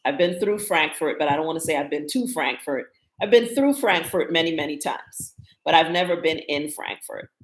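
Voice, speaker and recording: A woman in her fifties with a low voice talks casually to her live audience, chatty and wry as she tells travel stories. Her voice rings a little in an echoey room. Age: 50s. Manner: chatty, animated, wry storytelling. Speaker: travel vlogger. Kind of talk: casual live-stream chat.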